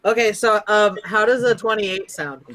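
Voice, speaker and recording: Hesitant bright-voiced tabletop player. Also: mid-range voice, moderate pace, no echo. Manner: hesitant, filler-heavy. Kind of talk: casual tabletop play.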